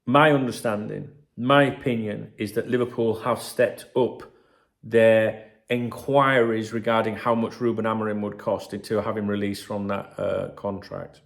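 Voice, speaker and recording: A man's voice: lowish voice, fairly even intonation, unhurried, gravelly. A man hosting a football channel, ranting and rambling in casual, sweary banter.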